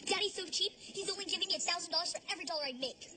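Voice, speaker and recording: An actress playing a spoiled, clueless young rich heiress who whines melodramatically, on a noisy TV soundtrack. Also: female voice, very high-pitched, very fast. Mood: whiny. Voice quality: whiny, airheaded drama. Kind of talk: sitcom acting.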